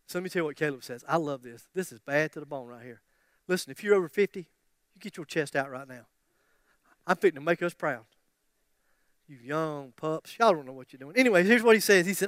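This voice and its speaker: A man's voice: fairly high pitch, animated, a little fast, fairly bright tone, smooth, no echo, clean studio sound. A man in his fifties preaching a sermon with passion, repeating his phrases and dropping joking asides to the congregation. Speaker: pastor.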